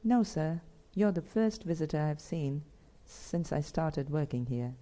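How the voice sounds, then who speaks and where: A woman voicing a humble middle-aged male servant in an audiobook, answering slowly and deferentially. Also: low voice, animated, mellow.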